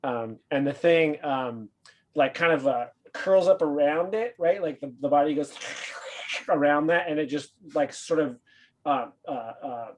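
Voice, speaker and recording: A man's voice: a little high, measured pace. Hesitant man running a tabletop game. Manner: hesitant, many fillers, relaxed narration. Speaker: game master.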